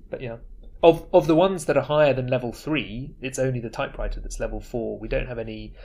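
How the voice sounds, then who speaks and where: A man with an average-pitched voice talks through a card game in a relaxed podcast chat. He is enthusiastic and chatty, tossing in quick asides as he goes. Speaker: podcast co-host. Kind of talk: casual board game discussion.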